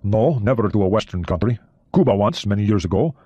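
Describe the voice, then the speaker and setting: A man's voice: fairly low pitch, animated, a little fast, dark tone, slightly rough, no room sound. A male audiobook narrator reading the lines of a reserved, formal foreign submarine captain.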